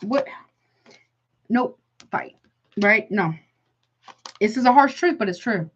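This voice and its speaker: A woman reads tarot cards in a blunt, emphatic, exclaiming way, often cutting in with a flat "no" and calling the listener honey. Her voice sits at an ordinary middle pitch. The recording is a little dull and lo-fi. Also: slow, slightly rough. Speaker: tarot reader. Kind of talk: casual tarot reading to camera.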